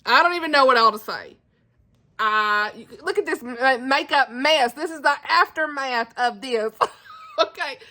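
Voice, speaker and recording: A woman with a high-pitched, sharp-toned voice talks unhurriedly into her phone camera at home for a casual reading vlog. Gushing about a book, she gets emotional, laughs frequently and uses "like" constantly.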